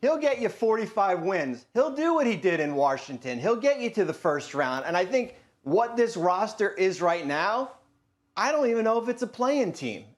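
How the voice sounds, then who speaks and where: A man analysing basketball trades in a debate, measured and matter-of-fact. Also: sits high, very animated.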